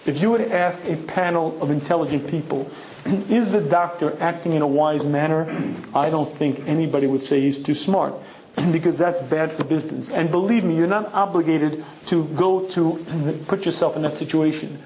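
A man teaching a Torah lecture and telling a personal story, emphatic and repeating phrases for effect, with frequent throat clearing. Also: fairly high pitch, darkish tone, slight background noise, poor audio. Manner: keeps clearing his throat.

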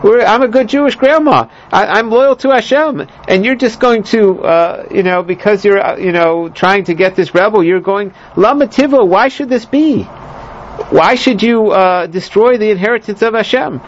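A man's voice: high voice, moderate pace, few pauses, a little hiss or hum, voice pushed up, close to an everyday voice. A man voicing a wise old Jewish grandmother who pleads indignantly for her city, in a dull lo-fi recording. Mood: pleading, indignant. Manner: indignant, pleading rhetorical questions.

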